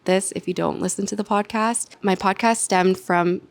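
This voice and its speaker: A woman's voice: medium pitch, fairly even intonation, moderate pace, gravelly, no room sound. A young woman in her twenties sharing a personal life update on her vlog, heartfelt and emotional, with many "like"s and "um"s. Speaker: YouTuber and podcaster.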